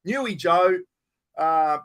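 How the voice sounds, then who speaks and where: A man's voice: a little high, animated, slow, fairly bright tone, clean tone. A middle-aged man with an Australian accent, hosting a casual live chat, greeting viewers by name and swearing in an easy way. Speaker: livestream host. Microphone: plugged-in microphone.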